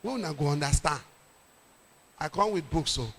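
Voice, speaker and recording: A middle-aged Nigerian man, a pastor, telling a lively story in a sermon with jokes and pidgin. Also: a little high, moderate pace, breathy edge, in a large hall.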